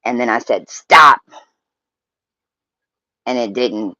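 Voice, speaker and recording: A man telling a personal story in a halting, emotional monologue, swearing freely and often restarting his sentences. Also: medium pitch, a bit bright, dry recording, poor audio.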